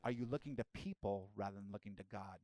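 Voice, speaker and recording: A man's voice: fairly low pitch, fast talker, darkish tone, no room sound. A man preaching a sermon as pastor, asking the listeners direct questions and rising into emphatic bursts.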